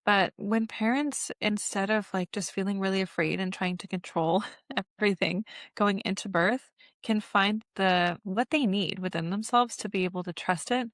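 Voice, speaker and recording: A woman's voice: mid-range voice, moderate pace, no echo, clean studio sound. Earnest woman hosting a birth podcast. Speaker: podcast host, birth educator. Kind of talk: casual interview chat.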